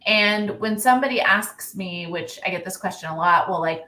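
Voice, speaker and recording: A woman's voice: mid-range voice, moderate pace, bright, forceful tone, a little hiss or hum. A woman speaking as an expert panelist in a casual discussion, emphatic, with many rhetorical questions and frequent "like". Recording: roomy echo.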